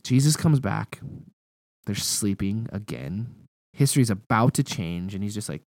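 A man's voice: lowish voice, lively intonation, measured pace, a little mellow, no room sound. A young man preaching a sermon in a casual, conversational way, telling personal stories.

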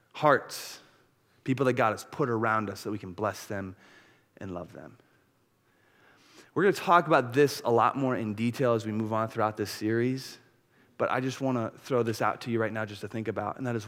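Male pastor, 30s, mid-pitched, candid storytelling sermon; recorded in a large church hall with long reverb. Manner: candid, animated storytelling with confessional asides.

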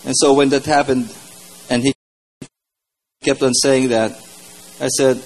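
A man's voice: mid-range voice, level tone, unhurried, long pauses, low-quality recording. A man giving a personal testimony in a church service, retelling his prayers as a story. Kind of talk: testimony sermon.

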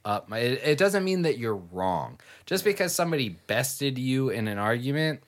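Give me a man arguing heatedly in casual talk, swearing, with a middling pitch. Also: very animated, moderate pace. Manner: heated, swears, many "like" fillers. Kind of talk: casual chat.

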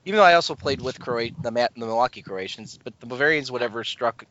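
A man hosts a casual podcast with a bright, pushed tone, wandering through stories and cutting himself off often. The sound is dry and a little muffled. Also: mid-range voice, animated, quick pace, no echo. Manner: rambling, self-deprecating, many restarts. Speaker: podcast host. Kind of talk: casual chat. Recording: slightly dull lo-fi podcast audio.

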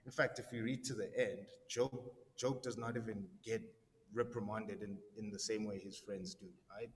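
A young man preaching in a relaxed, conversational way, often restarting his thoughts and checking in with the room. His voice rings out with a long echo in a big hall, with faint noise behind him. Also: on the low side, normal speed. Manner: conversational, frequent restarts, keeps checking in with listeners. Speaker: pastor teaching a Bible study. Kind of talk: casual sermon. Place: large hall in front of a live group.

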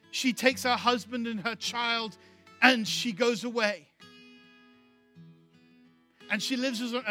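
A man's voice: extremely high pitch, sharp tone. A man preaching a sermon to his church, emphatic and repeating key phrases for effect. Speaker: pastor.

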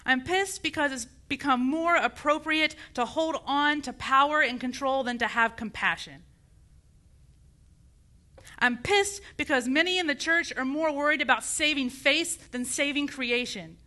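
A woman preaches with impassioned conviction. Her voice sits high and rings bright and forceful, climbing into fervent outrage. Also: measured pace. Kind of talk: passionate sermon.

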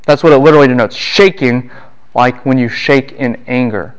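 A man giving a university lecture on a Bible passage, firing questions at his class and answering them himself, and acting out the lines he quotes. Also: moderate pace. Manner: acts out the quoted lines with big jumps in pitch and volume.

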